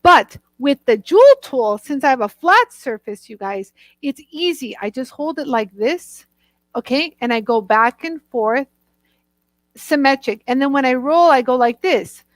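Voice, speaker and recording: Bubbly high-voiced woman hosting a live demo. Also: expressive, a little slow, dry recording, low-quality recording. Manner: bubbly, laughs often, talks to viewers by name. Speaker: lapidary demonstrator hosting a live stream. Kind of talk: chatty live product demo.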